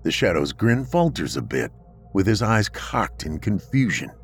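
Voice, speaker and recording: A man narrating a scripted story in a dramatic, expressive reading. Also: deep voice, measured pace, breathy edge, faint music behind.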